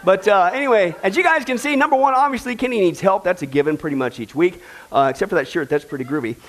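A man's voice: high voice, lively intonation, fast, a bit bright. A man, a pastor, preaching a sermon in a folksy, joking way and calling his congregation folks. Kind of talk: sermon with a joke. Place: church.

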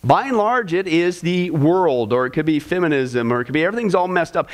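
A man's voice: on the high side, animated, brisk, hardly any pauses. A man teaching a discipleship class in a casual, folksy way, with sarcastic humor and chuckling asides.

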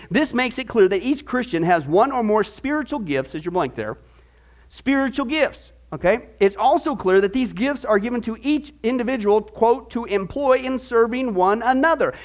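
A man teaching a church discipleship class on stewardship, reading scripture and teasing the class with jokes and mock voices. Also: sits high. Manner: jokey, teasing asides, mock voices for the proud.

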